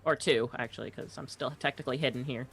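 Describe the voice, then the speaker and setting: A woman's voice: very deep voice, husky. A woman playing a tabletop game, thinking aloud with lots of fillers. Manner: unhurried, hesitant, thinks aloud with many fillers. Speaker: player.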